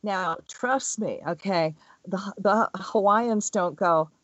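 A woman's voice: mid-range voice, slow pace, dry recording. A chatty woman energy healer talks in a loose, rambling way, her voice swinging up and down as she tells her stories. The sound is dull and dry, with no room around it. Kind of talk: casual spiritual talk. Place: Hawaii.

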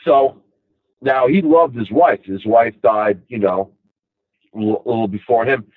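A man's voice: medium pitch, measured pace, no room sound. A middle-aged man with a Long Island accent, talking casually in a loose, rambling way full of "you know"s. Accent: Long Island New York. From Long Island, New York. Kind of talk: casual monologue. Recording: tinny phone-like audio.

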